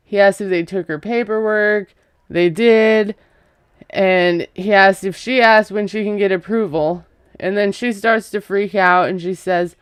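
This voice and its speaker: A woman's voice: mid-range voice, steady tone, unhurried, clear, resonant tone, no echo, clean studio sound. A woman recapping a TV episode in a casual, gossipy, sarcastic way. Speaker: TV recap vlogger.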